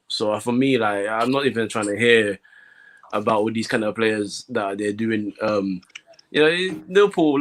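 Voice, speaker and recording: Slangy man talking football. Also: fairly low pitch. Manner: animated, slangy, lots of fillers. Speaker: podcast co-host. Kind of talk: casual football chat.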